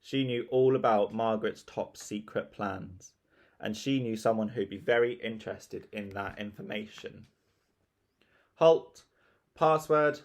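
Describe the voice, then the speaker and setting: A man narrating a children's storybook in a lively, expressive reading. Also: fairly low pitch, normal speed. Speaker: audiobook narrator.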